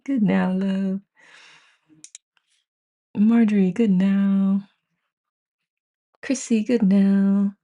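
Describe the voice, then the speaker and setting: The host of a live book-study group chats casually on a live stream, greeting each viewer by name and gushingly reading the chat aloud, often saying "I love it." The voice is medium-pitched and warm with fairly even intonation, slow, with vocal fry and long pauses, and the audio is dull.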